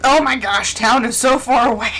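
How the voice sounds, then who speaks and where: A woman's voice: fairly high pitch, normal speed, pushed and bright, faint music behind. A woman livestreaming a game, telling a rambling story in casual chat with lots of fillers and playful drama. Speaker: livestreamer playing a farming game. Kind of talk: casual chat while gaming.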